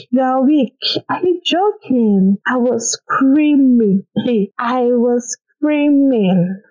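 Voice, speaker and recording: A young Nigerian woman with a mellow, warm voice tells her story in a casual vlog. She is emotional and expressive and breaks into sudden exclamations. The sound is a little dull and lo-fi, with faint music underneath. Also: mid-range voice. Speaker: vlogger.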